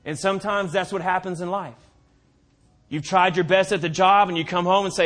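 Male pastor, fairly high voice, sermon delivery, dramatic loud-to-quiet swings, drawn-out emphasis. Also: steady tone, faint music behind. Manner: preaching with dramatic swings from booming to hushed; slows right down to stress key phrases.

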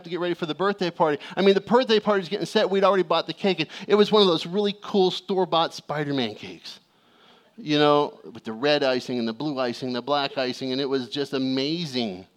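In this sermon, a middle-aged male pastor tells a family story, acting out the characters with lively voices and asking for amens. His voice sits a little high.

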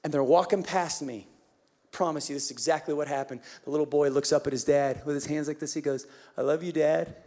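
A man preaching a Christmas sermon as pastor, telling a story with lively, animated delivery that drops to hushed tenderness. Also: on the high side, quick pace.

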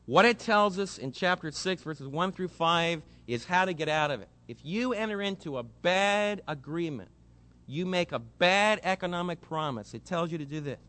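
A man's voice: high-pitched, moderate pace. A man preaching a sermon, explaining scripture and acting out the voices of people in his congregation. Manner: animated, acts out quoted voices, speeds up when excited. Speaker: pastor.

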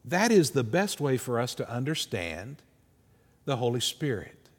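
A man preaching a sermon as pastor, earnest, slowing and softening his voice to stress key words. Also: mid-range voice, very animated, big-room sound. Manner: earnest, slows and softens for emphasis.

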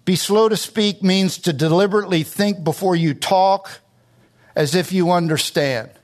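A middle-aged man preaching a sermon, driving home points by climbing in pitch on key words and drawing out phrases to stress them. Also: moderate pace. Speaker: pastor.

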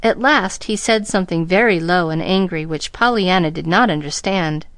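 A woman reading a classic novel aloud in a measured storytelling manner. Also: fairly low pitch, fairly bright tone, no echo. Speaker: audiobook reader. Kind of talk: scripted narration.

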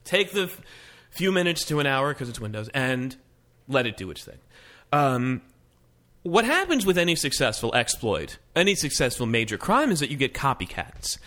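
A man co-hosting a casual tech podcast, talking fast and rambling with lots of restarts. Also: medium pitch, big pitch swings, pushed and bright. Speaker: podcast co-host. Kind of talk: casual tech news chat.

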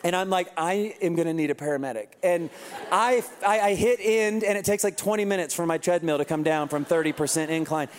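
A man preaching a sermon, telling a funny story with quoted voices and lively asides. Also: high voice, fairly quick. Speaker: pastor. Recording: reverberant hall.

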